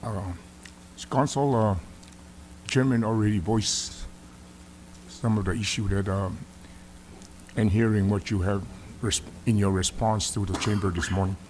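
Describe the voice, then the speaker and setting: A middle-aged man with a Samoan accent speaks as a senator in a legislative chamber, stern and emphatic as he scolds. His voice sits low, and a faint hum of noise runs under the recording. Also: steady tone, unhurried, pauses often, a little mellow. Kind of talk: formal hearing address.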